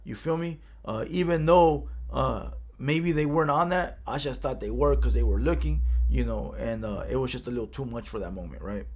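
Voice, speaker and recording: Gravelly Los man telling a street story. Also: medium pitch, moderate pace, few pauses, a little mellow. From Los Angeles County. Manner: streetwise, profane, keeps checking in with "right?". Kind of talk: casual storytelling.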